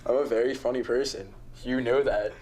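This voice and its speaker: A young man in a documentary interview, soft-spoken and quiet, laughing easily as he talks. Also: medium pitch, steady tone, brisk, background noise. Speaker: camp participant.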